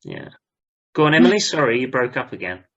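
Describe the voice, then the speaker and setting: A man's voice: medium pitch, very animated, fairly quick, a bit bright, highs cut off. A man hosting a podcast in casual chat, upbeat and prompting the others to speak. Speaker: podcast host.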